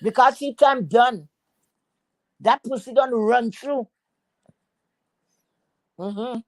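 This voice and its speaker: A woman's voice: on the high side, drawn-out words, no room sound. A woman from Trinidad, ranting profanely and emphatically as a guest on a casual live chat. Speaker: livestream guest.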